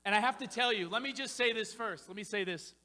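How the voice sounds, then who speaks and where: A man preaching to a congregation as a pastor hosting a church panel, energetic and rambling, with restarts and asides, in a church sanctuary. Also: high-pitched, fast, big-room sound. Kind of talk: informal sermon-style talk to a congregation.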